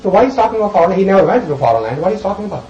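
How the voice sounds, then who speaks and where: A man teaching a group as he explains scripture verses, animated and emphatic, swinging between loud questions and soft asides. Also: high-pitched, rapid-fire, reverberant, lo-fi sound, slight background noise. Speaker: spiritual teacher.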